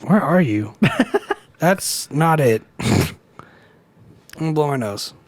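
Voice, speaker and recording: A man's voice: on the high side, expressive, takes it slowly, no echo. Rambling, profane young man telling a story. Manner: rambling storyteller, swears freely, acts out quoted voices. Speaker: podcast co-host. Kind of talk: casual chat.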